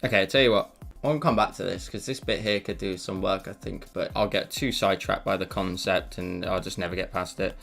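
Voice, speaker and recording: A man with a low, gravelly voice chats loosely to his viewers while he works on a drawing. He rambles and makes fun of himself, speaking close into a desk mic, with soft music playing underneath. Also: steady tone, fairly quick. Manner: chatty, rambling, self-deprecating asides. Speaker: live-streaming digital artist. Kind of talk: casual live-stream chat while drawing.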